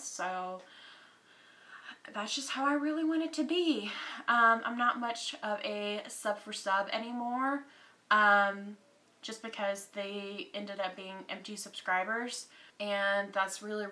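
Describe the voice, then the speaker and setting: A woman's voice: medium pitch, pushed and bright, rough recording. A young woman from Texas with a Texan accent, chatting casually to her viewers with lots of ums and y'alls. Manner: chatty, many fillers, says y'all. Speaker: beauty YouTuber. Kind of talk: casual chat to camera.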